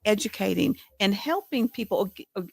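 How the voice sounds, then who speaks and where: A woman's voice: medium pitch, expressive, a little fast, gravelly, husky, dry recording. A woman who founded a wellness brand, talking earnestly in a podcast conversation and repeating phrases for emphasis.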